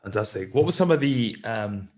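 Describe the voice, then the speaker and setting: A man hosting a fitness podcast, asking brisk, encouraging questions. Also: lowish voice, expressive, a little mellow. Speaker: podcast host. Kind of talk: interview questions.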